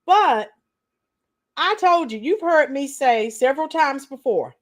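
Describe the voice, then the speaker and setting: A middle-aged woman hosting a casual livestream, greeting viewers by name, her voice a little strained and clearing her throat often. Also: high voice, animated, a little slow. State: slightly strained voice after a week of teaching. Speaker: livestream host. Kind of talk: casual live chat with viewers.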